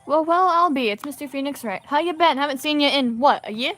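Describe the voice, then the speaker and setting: A woman's voice: sits high, lively intonation, fairly quick, a bit bright, soft background music, voice pushed up. A woman voicing a brash, folksy young woman with a put-on American Southern accent. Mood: brash cheerful.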